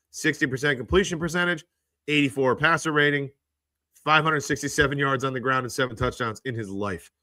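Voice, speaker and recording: A man's voice: pushed and bright, no room sound, clean studio sound. Indignant man ranting on a phone stream. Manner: exasperated ranting, rises sharply in pitch when indignant. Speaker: livestream host. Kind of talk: casual live-stream commentary. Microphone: handheld phone.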